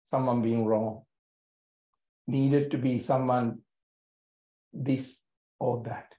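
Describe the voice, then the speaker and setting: Man, yoga teacher, slow soothing guidance, mellow voice, echoey room, dull lo-fi sound. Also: medium pitch. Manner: gentle, calm, soothing, many pauses. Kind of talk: guided yoga breathing instruction.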